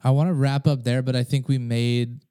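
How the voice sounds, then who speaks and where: A man's voice: medium pitch, flat delivery, moderate pace, warm tone, clean tone, no room sound. A man hosting a podcast, talking casually, laughing often and swearing freely. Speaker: podcast host. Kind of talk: casual conversation.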